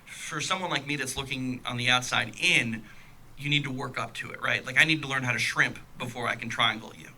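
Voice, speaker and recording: A man's voice: mid-range voice, a little fast, pushed and bright, poor audio. A man co-hosting a casual podcast chat, rambling in a laid-back way with lots of fillers.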